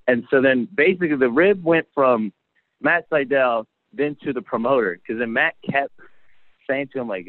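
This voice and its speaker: A man's voice: mid-range voice, normal speed, no echo. A young adult man, a wrestler, telling stories in a casual interview and acting out the lines he quotes. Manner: relaxed storyteller, acts out quoted lines. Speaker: guest, professional wrestler. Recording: tinny phone line.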